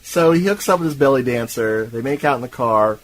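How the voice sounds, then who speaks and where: A man from Tampa co-hosting a podcast, retelling a film plot in a lively, profane, laughing way. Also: mid-range voice, brisk, a little hiss or hum, rough recording. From Tampa, Florida. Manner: animated, laughing, profane storytelling. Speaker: podcast co-host. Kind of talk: casual movie-recap chat.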